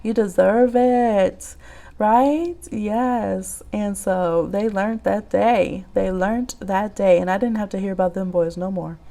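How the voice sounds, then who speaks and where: A woman's voice: slow, gravelly. Chatty woman hosting a live reading. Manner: chatty and animated, laughing often, jumping high when telling stories. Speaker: tarot reader hosting a live stream. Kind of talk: casual live-stream storytelling. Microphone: phone app live stream.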